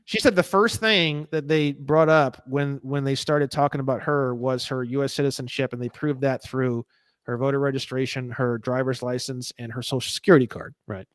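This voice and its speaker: A man in a casual interview, talking in an animated, profane, ranting way. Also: medium pitch, moderate pace, clear, resonant tone, dry recording. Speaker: guest.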